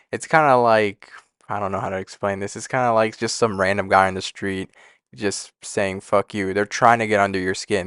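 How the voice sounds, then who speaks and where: A man's voice: on the low side, a bit bright, clear, resonant tone, dry recording, clean studio sound. A man giving casual, blunt, profanity-heavy commentary on streamer drama. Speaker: commentary YouTuber.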